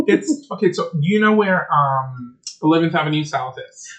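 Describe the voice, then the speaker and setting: A man's voice: a little high, animated, moderate pace, fairly bright tone. A man co-hosting a podcast in casual chat, giggly and flustered, often losing his words. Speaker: podcast co-host.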